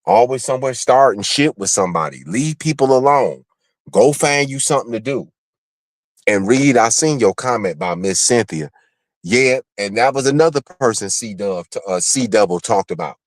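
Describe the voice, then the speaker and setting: A man's voice: medium pitch, expressive, dry recording. Man ranting on a live stream, blunt and cussing, dry close sound. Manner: blunt, profane, rapid-fire calling out. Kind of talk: heated livestream call-out chat.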